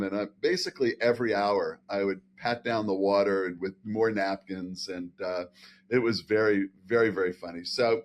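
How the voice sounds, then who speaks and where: A man's voice: lowish voice, moderate pace, a little hiss or hum. An older man, a scientist guest, telling a funny anecdote with lots of fillers and laughter. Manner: animated, laughing storyteller with many fillers. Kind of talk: anecdotal storytelling.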